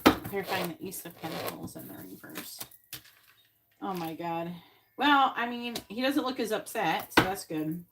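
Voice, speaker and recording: A woman's voice: mid-range voice, very animated, a little slow, heavy background noise. A woman from Florida giving a live-stream tarot reading, chatting and thinking aloud between card pulls. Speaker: psychic reader.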